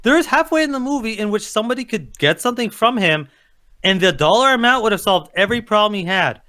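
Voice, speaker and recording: A man's voice: high voice, expressive, quick pace, bright, forceful tone. A man co-hosting a casual movie review chat, blunt and argumentative. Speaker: podcast co-host.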